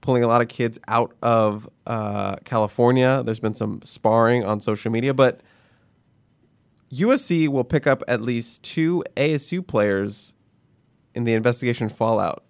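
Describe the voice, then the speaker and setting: A man's voice: medium pitch, normal speed, creaky, dry recording. Man, sports podcast host, offhand, laughing asides, dry close sound. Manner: offhand, laughing while making predictions. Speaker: show host. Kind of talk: casual sports podcast chat.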